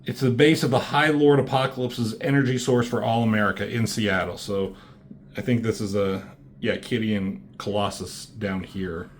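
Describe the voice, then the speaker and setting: A man's voice: lowish voice, steady tone, normal speed, a little hiss or hum. A man giving a casual, rambling comic book review, swearing often and filling gaps with "um" and "like". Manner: rambling, profane, many fillers. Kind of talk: casual commentary.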